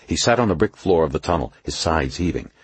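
A man's voice: quick pace, no echo. A man reading a suspense novel aloud as an audiobook narrator. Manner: low, husky, lively storytelling voice. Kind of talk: scripted narration.

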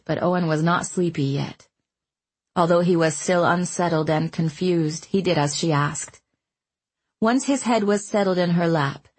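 A woman reading a story aloud as an audiobook narrator, in a calm, even manner. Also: on the low side, slightly rough. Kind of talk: scripted narration.

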